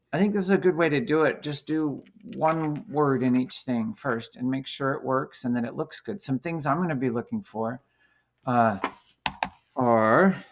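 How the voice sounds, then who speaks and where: A man teacher talking through a coding lesson on screen, halting and full of fillers. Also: medium pitch, vocal fry, a little hiss or hum. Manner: slow, halting, many fillers.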